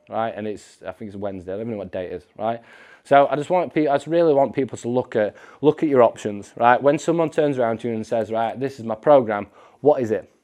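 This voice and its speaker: A man's voice: medium pitch, a little mellow. Blunt, swearing man giving mentoring advice. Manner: emphatic, blunt, swears often, keeps asking "right?". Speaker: fitness business mentor. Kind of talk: direct-to-camera advice talk.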